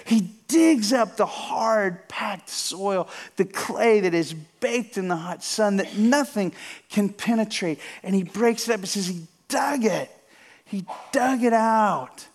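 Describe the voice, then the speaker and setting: A man delivers a sermon from a church platform. His voice sits high for a man, and he speaks earnestly. He restarts and repeats phrases as he builds toward a point. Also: takes it slowly. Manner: earnest, repeats phrases, rising and falling intensity. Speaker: pastor. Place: church sanctuary.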